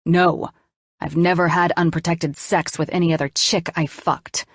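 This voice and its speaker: A woman's voice: on the low side, flat delivery, normal speed, dry recording, clean studio sound, lightly acted. A woman voicing a young male doctor in an audiobook, defensive and swearing as he argues with his lover. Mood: heated. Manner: swearing, pleading.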